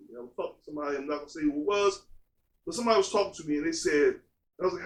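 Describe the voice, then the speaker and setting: A man's voice: fairly high pitch, rapid-fire. A man giving a motivational monologue in an emphatic, repetitive style, stacking lists and rhetorical questions. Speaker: motivational speaker. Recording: roomy echo.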